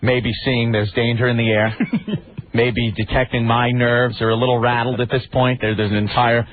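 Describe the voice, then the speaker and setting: A man's voice: mid-range voice, moderate pace, a little hiss or hum. A man co-hosting a radio talk show, telling a story animatedly and acting out the people in it. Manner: animated, acts out the people in his stories. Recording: tinny phone-like radio audio.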